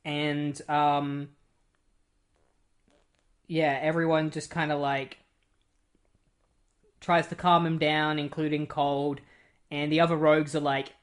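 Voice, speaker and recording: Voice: medium pitch, little pitch movement, slow, long pauses. A comic book reviewer giving a casual plot recap, chatty and full of fillers, with offhand asides.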